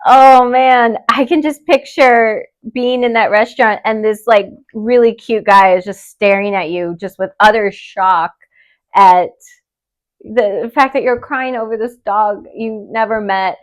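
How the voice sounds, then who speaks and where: A young woman hosting a podcast, reading listener stories aloud and chatting in an expressive, openly emotional way. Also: medium pitch, unhurried. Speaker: podcast host.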